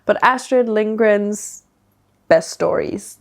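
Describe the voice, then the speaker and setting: Give me a Danish-accented woman chatting loosely about books, with a gravelly edge to her voice. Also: mid-range voice, takes it slowly. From Denmark. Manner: chatty, rambling, many "like" fillers. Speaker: book vlogger. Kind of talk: casual book haul chat.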